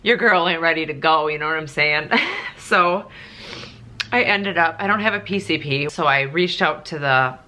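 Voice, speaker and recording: A woman's voice: low-pitched, moderate pace, pushed and bright. A young woman chatting through a casual Q&A vlog, emotional and close to tears at times, with lots of fillers. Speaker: nurse and vlogger.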